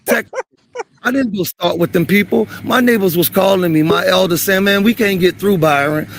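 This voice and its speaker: A man confronting police on a street, angry and profane, repeating himself and shouting at times. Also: high voice, moderate pace, gravelly, no echo.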